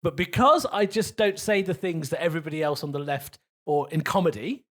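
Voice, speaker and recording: A man's voice: fairly high pitch, a bit bright. A man co-hosting a comedy podcast, pushing back playfully and defending himself in casual banter. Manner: argumentative, quick to push back, playful.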